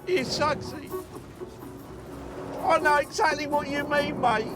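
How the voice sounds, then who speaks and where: A man putting on a tearful cabbie, high and slow. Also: steady tone, music in the background. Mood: weepy. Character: tearful middle-aged male London cabbie.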